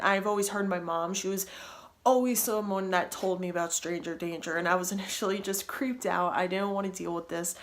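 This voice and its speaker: A woman vlogger telling a personal story in a storytime vlog, in a breathless, rambling way, repeating herself and restarting sentences. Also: medium pitch.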